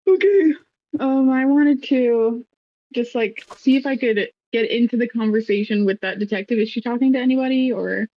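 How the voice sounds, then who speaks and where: A woman's voice: a little high, moderate pace, no echo. A woman playing a tabletop game, talking casually and hesitantly with fillers. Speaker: player. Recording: dull lo-fi dry mic.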